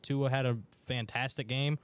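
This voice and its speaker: A man co-hosting a sports betting podcast in a radio studio, chatting casually and excitably. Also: medium pitch, moderate pace, smooth, no room sound. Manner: excitable, chatty, loud outbursts for his team. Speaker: podcast co-host. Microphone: studio mic.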